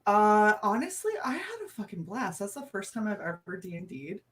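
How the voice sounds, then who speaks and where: Giggly, animated woman on a video call. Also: mid-range voice, moderate pace, a little hiss or hum. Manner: animated, swears casually, laughs often. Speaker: streamer guest. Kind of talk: casual livestream chat.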